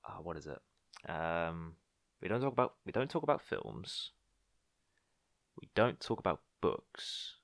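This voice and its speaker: A man hosts a podcast alone, rambling and poking fun at himself. His fairly low voice swings widely in pitch, and the recording is dry and close. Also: very animated, a little slow, pauses often, dry recording. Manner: rambling, self-deprecating, jokey. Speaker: podcast host. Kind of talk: casual podcast monologue.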